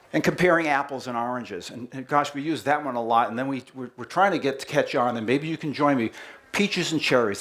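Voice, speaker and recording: A middle-aged man with a Boston accent presents his company's history to a live audience. He talks in a loose, chatty storytelling way, doubling back on words and pulling the crowd in with questions. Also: mid-range voice. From Boston, USA. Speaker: company marketing head giving a presentation.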